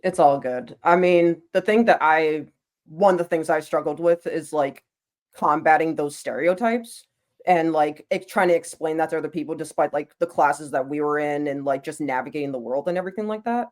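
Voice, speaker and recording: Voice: medium pitch, normal speed. Podcast host, earnest and chatty, mid-range voice, rambling questions. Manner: earnest, talks in long winding questions. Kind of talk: casual interview conversation.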